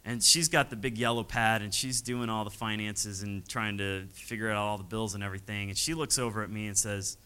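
A man's voice: fairly low pitch, steady tone, brisk, hardly any pauses, pushed and bright, clean tone, poor audio. A man, a missionary pastor, telling his story from the pulpit, chuckling often and acting out the voices of people he quotes. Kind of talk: testimony from the pulpit.

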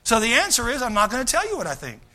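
A male pastor, preaching a folksy, animated sermon, often acting out quoted voices and repeating his starts. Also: very high-pitched, rapid-fire.

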